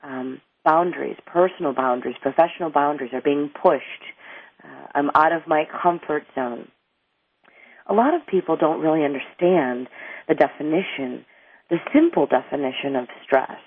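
A woman's voice: sits low, moderate pace, husky, no room sound. A middle-aged woman, an anger management coach, explains her ideas earnestly as an interview guest, rambling a little and restarting sentences. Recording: tinny phone line, dry.

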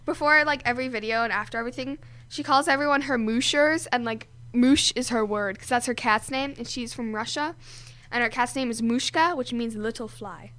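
A woman's voice: fairly high pitch, a little fast, fairly bright tone. A teenage girl co-hosting a kids' radio show, chatting casually and giggling often. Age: teens. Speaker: co-host.

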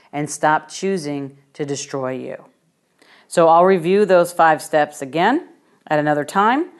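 Low-pitched female host, energetic facilitator who cuts in to steer the guest. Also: smooth. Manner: energetic, prompts and interrupts to guide the guest. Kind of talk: coaching session on a talk show.

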